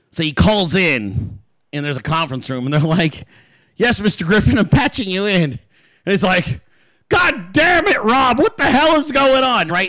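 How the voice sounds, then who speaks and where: A man's voice: on the high side, sharp tone, clean tone, no echo. A male host ranting casually, swearing a lot, mocking his targets, and laughing often. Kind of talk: casual commentary rant.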